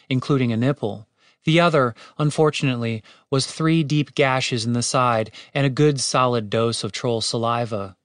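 Male audiobook narrator, steady wry reading, dry close mic, mid pitch. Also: no room sound. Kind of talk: scripted narration.

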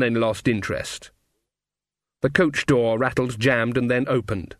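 A man reading a novel aloud as an audiobook narrator, measured and wry. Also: mid-range voice, steady tone, fairly bright tone, no echo, clean studio sound. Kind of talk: scripted narration.

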